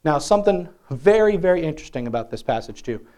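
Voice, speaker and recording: A man preaching a sermon in a lively, conversational way, often asking the congregation questions. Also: on the high side, quick pace. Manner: animated, conversational, asks the crowd questions.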